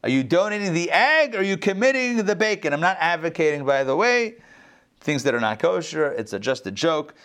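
A man's voice: fairly high pitch, big pitch swings, a little fast, fairly bright tone, clean tone. A middle-aged man giving a conversational Torah lesson. He jokes often, repeats words as he goes, and adds chatty asides. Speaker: rabbi teaching Torah class.

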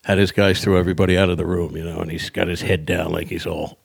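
A lowish, gravelly male voice recorded dry and close on a podcast mic. A comedian spins road anecdotes, slipping into quick impressions of the people in them. He breaks into his own laughter now and then. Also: no echo. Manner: lively raconteur who acts out others' lines and laughs at his own tales. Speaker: stand-up comedian, podcast guest. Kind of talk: casual storytelling interview.

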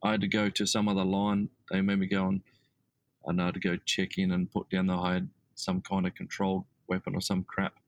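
An Australian man tells his story in a loose, chatty way, full of ums and restarts. His voice sits a little low. He sounds like a guest on a relaxed podcast. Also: brisk, poor audio. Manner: rambling, with many fillers and restarts. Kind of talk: casual storytelling.

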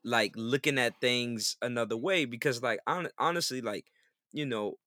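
A man co-hosts a relaxed podcast chat with a bright, forward tone. He drops in jokes and easy reactions. The recording is dry and close. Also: medium pitch, normal speed, no echo. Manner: laid-back, joking interjections. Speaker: podcast co-host. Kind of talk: casual chat.

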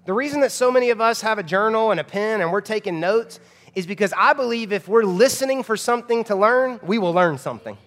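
A man's voice: sits high, lively intonation, fast talker, a bit bright. A man, preaching a sermon as pastor in a conversational, emphatic way full of rhetorical questions. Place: church sanctuary. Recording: long hall reverb of a church.

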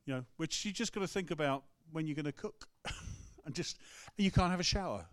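A man's voice: a little high, fairly quick, fairly bright tone, no room sound, studio quality. A man with an English accent, a rector preaching a sermon in a conversational, storytelling way. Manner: storytelling, conversational, acts out quotes. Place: church.

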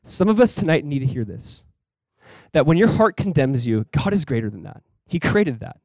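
A male pastor in his thirties preaching a sermon in a conversational, animated way, with quick asides. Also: on the high side, vocal fry, no echo.

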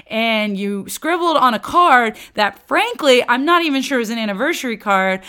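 A woman's voice: on the high side, animated, normal speed, bright, forceful tone, clear, resonant tone. A woman voicing an exasperated wife who sarcastically lists her complaints to her husband. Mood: indignant. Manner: indignant, sarcastic listing of complaints.

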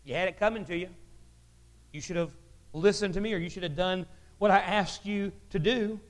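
A man voicing a stern, dismissive male God who scolds people, in a flat, quieter tone. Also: high-pitched, moderate pace, lightly acted.

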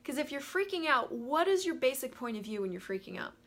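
A woman's voice: high-pitched, very animated, a little fast, a bit bright. A woman hosting a live coaching stream, talking animatedly, laughing and greeting viewers as she goes. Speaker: host of a live money coaching show.

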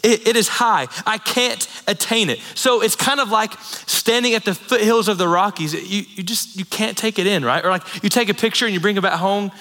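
A man's voice: high-pitched, moderate pace, hardly any pauses, sharp tone. A man in his thirties preaching a sermon in a conversational, storytelling way, with asides to the congregation. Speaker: pastor. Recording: long reverb in a large hall.

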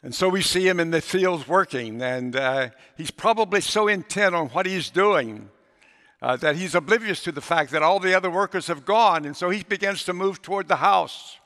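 A man's voice: high-pitched, moderate pace, pushed and bright. A man preaching a sermon as pastor, telling a story and acting out its characters. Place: church sanctuary. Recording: long reverb of a large hall.

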